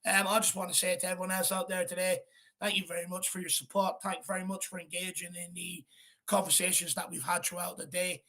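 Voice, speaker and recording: Male fan host, high bright gravelly voice, blunt and fed up, swears freely. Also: level tone, fast talker. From Ireland. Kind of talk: live football watchalong chat.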